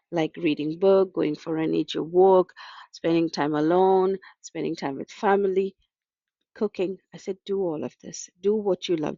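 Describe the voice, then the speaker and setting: Woman counsellor, gravelly voice, dull lo-fi sound, chatty storytelling. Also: fairly low pitch, mellow, no echo. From Australia. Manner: conversational, anecdotal, acts out client quotes. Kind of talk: talk.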